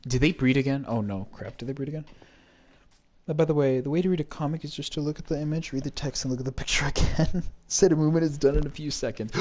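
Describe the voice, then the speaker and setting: A man's voice: fairly high pitch, fast, darkish tone. A man streaming a block-building game, chatting casually and rambling to himself with jokes as he plays. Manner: rambling, jokey, talks to himself.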